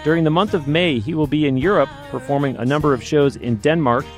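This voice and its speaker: A man's voice: fairly high pitch, fast, soft background music. A man hosting an interview podcast from a radio studio, upbeat and full of enthusiastic reactions. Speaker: podcast host.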